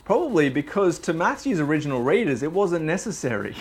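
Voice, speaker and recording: A young man preaching a sermon, telling the story with animated, dramatized delivery. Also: fairly high pitch, brisk, husky.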